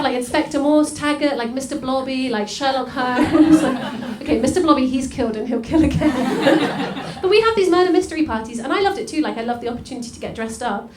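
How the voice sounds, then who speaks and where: A young woman with a high voice does stand-up, chatty and giggly, filling her lines with "like" as she speaks to the crowd. Her voice echoes around a noisy venue. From United Kingdom. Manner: chatty, full of "like" and laughter, addresses the crowd. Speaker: stand-up comedian. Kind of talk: stand-up comedy. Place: comedy venue stage. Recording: echoey room with loud noise.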